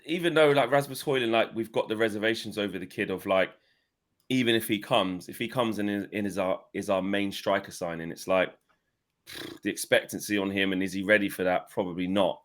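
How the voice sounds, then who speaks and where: A man's voice: fairly low pitch, a little fast. A man co-hosting a casual chat show, talking loosely and with energy. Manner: animated, chatty, loose phrasing. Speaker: co-host of fan channel.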